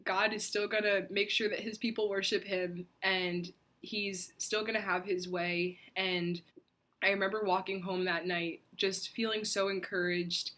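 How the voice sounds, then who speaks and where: A young woman vlogger telling a personal faith story in an earnest, reflective way, with soft pauses and fillers. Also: on the low side.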